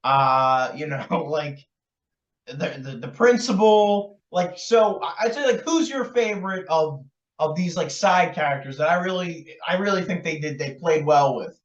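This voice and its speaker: A man's voice: fairly high pitch, lively intonation, unhurried. A man co-hosting a podcast, chatting loosely about a film with lots of fillers and laughs. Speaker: podcast co-host. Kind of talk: casual chat about a film. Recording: roomy, distant, dull lo-fi sound.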